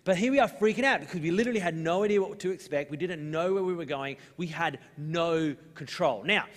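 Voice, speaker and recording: A young adult man with an Australian accent, preaching a sermon as pastor in a relaxed, storytelling way with lively asides. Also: on the high side, a little fast. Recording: long hall reverb.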